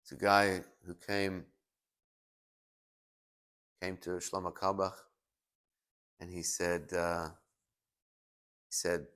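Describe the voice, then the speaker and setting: A male rabbi giving a sermon, telling stories with lively shifts and acting out the people he quotes. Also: sits low, slow pace, pauses often, clean tone. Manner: animated storyteller, acting out quoted voices. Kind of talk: sermon with storytelling.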